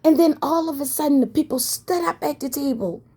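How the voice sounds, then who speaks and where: Blunt, mellow-voiced woman telling a story. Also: high voice, brisk. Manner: blunt, frank, swears, talks straight to viewers. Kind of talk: casual story time.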